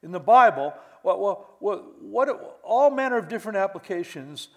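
A man's voice: high voice, animated, normal speed, fairly bright tone. An older man, a pastor preaching a sermon to church leaders with many restarts and mock exclamations.

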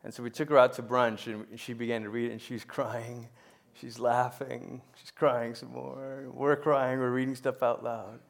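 A middle-aged man preaching a sermon as pastor, rising to loud emphatic peaks and dropping to soft, hushed storytelling, with frequent stammers and restarts. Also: medium pitch, little pitch movement, moderate pace, vocal fry.

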